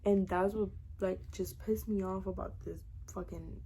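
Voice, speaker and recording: Young woman, casual storytime vlog, mellow warm tone, cussing, acting out dialogue. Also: medium pitch, normal speed, slightly rough. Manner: animated, profane, acts out dialogue.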